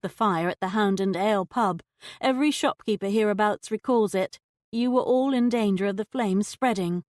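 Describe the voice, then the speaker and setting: A woman's voice: mid-range voice, normal speed, a little mellow, dry recording, studio quality, natural voice. A woman voicing a shrewd young lady detective who questions a suspect with poised, pointed politeness. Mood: pressing.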